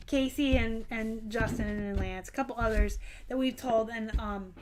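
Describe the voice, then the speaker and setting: A woman with a fairly high voice hosts a casual live reselling Q&A stream, with a little hiss or hum in the audio. She reads viewer comments and chats frankly, often saying um and correcting herself.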